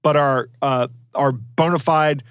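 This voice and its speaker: A man's voice: medium pitch, fairly even intonation, slow, fairly bright tone, clear, resonant tone, no room sound. A man co-hosting a podcast in casual chat, digressing and restarting his sentences, with a chuckle between points. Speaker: podcast co-host.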